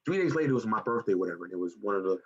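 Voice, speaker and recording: Young guy from chicago telling stories, husky voice, kinda muffled recording. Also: on the low side, rapid-fire. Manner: animated, acts out the people in his stories. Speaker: guest. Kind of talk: casual storytelling. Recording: muffled lo-fi sound.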